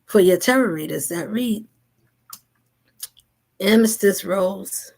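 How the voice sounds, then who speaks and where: A woman delivering a spiritual message in a rhythmic, repetitive way, slipping between whispers and loud asides. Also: mid-range voice, takes it slowly, gravelly. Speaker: spiritual channel host.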